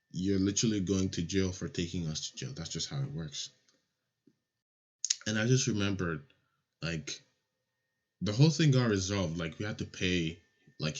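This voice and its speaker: A young man from Nigeria telling a childhood story in a casual, animated, profane way. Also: low-pitched. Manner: animated, swears a lot, acts out voices. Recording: lo-fi audio.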